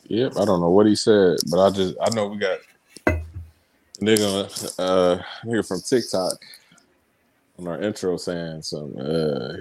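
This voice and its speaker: A man from Cleveland co-hosts a casual podcast, teasing his partner in loose slang. His voice sits low in pitch, and he takes his time with a slow, drawn-out pace. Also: animated, background noise. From Cleveland, Ohio, USA. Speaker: podcast co-host. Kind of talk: casual chat.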